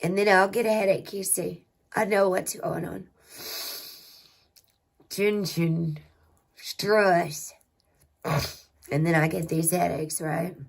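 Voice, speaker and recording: Slow gravelly woman hosting a livestream. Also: fairly low pitch, fairly even intonation. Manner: slow, reflective, talks to chat and to herself. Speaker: spiritual healing channel host. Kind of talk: livestream chat with viewers.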